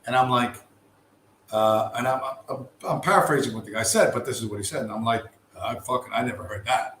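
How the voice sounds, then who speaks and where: A man with a mid-range, fairly bright voice talks briskly while hosting a casual livestream. He rambles, swears, and restarts himself often, and the recording comes from an echoey room with faint background noise.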